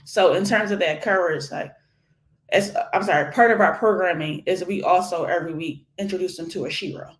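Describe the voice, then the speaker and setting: A woman from Philadelphia in her forties, an education nonprofit founder giving an energetic, animated interview and laughing often. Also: fairly low pitch, brisk. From Philadelphia, USA. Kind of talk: conversational interview. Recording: echoey room.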